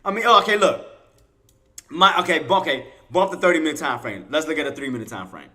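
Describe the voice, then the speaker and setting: A man's voice: fairly high pitch, animated, fast talker, sharp tone. A man hosting a live trading stream, talking to his chat in a casual, colloquial way, repeating himself and quizzing viewers. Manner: casual colloquial speech, talks to chat as y'all. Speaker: trading livestream host. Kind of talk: live intraday trading commentary.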